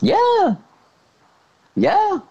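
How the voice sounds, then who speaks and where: A man's voice: extremely high pitch, very slow, creaky, lo-fi sound. A man co-hosting a podcast, recapping a film in casual chat and acting out the characters' lines with dramatic flair. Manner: animated, acts out quotes with dramatic flair. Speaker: podcast co-host.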